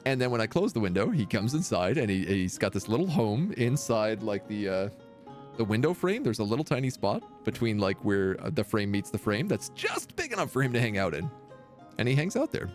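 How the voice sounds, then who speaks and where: A man's voice: fairly low pitch, big pitch swings, fairly quick, faint music behind. A man streaming a strategy game, chatting casually and rambling playfully between moves. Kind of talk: casual gameplay commentary. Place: home room by a window.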